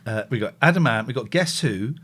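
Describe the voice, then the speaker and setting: A man hosting a live show, chatting casually in a playful, teasing way with sudden loud outbursts. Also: medium pitch, animated, a little fast, breathy edge. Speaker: radio host.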